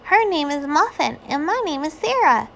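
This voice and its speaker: A woman's voice: very animated, moderate pace, creaky, a bit bright, dull audio, a little hiss or hum, full character voice. A woman voicing a friendly, eager little girl in a children's storybook. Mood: sweet. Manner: sweet and high.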